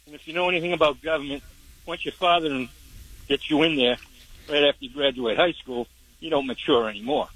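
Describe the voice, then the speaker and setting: A man's voice: a little high, fairly even intonation, a little fast, fairly bright tone, slightly rough, low-quality recording. A man in his seventies, a veteran, calling in to a radio show with a blunt, aggrieved complaint. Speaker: caller, veteran. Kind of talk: call-in radio talk.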